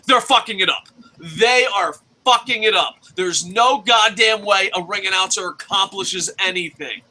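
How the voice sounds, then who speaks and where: A young man hosting a wrestling review, ranting casually with lots of swearing and bursts of shouting. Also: high voice, normal speed, rough recording. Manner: profane, ranting, shouts at times.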